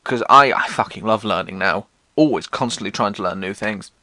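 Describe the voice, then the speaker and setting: A man's voice: lowish voice, fairly quick, bright, forceful tone, no room sound. A young man from England with a posh English accent, telling school stories in a sardonic, sweary, theatrical way. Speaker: vlogger. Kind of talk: casual storytelling monologue.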